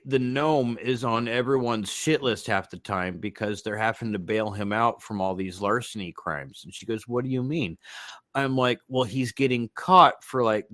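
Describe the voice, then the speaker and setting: Man co-host, easygoing podcast talk, quick to laugh, acts out quotes. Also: mid-range voice, no room sound, clean studio sound. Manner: laughing, animated retelling. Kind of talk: casual chat.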